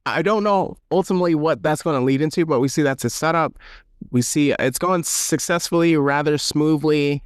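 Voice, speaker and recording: A man's voice: a little high, normal speed, smooth, no room sound, studio quality. A podcast host casually recapping a show and acting out lines of dialogue as he goes, laughing along the way. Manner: animated retelling with acted quotes and laughs. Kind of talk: casual review chat.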